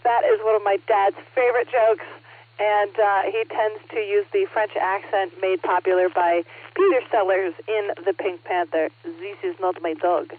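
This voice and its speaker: A woman working as net control on an amateur radio net, talking in a playful, teasing way with a husky voice. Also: medium pitch, steady tone, normal speed. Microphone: radio transceiver microphone. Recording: narrow radio transmission audio.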